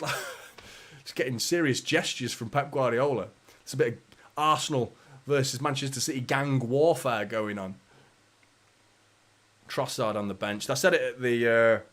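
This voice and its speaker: A man talks through a live match for his fan channel in a loose, chatty way. He banters with his viewers and swears lightly in an easy, everyday voice of middling pitch. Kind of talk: live match watchalong commentary.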